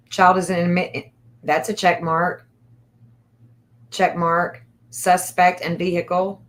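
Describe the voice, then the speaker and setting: Low-voiced woman musing through a chart. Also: fairly even intonation, measured pace. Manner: thinks aloud, hesitant and repetitive. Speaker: astrologer and livestream host. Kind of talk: casual livestream chart reading.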